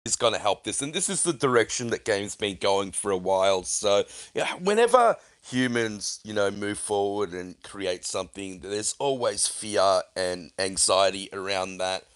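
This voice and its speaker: A man co-hosting a gaming podcast, talking in a calm, measured way. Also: on the low side, clean tone. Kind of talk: casual podcast chat.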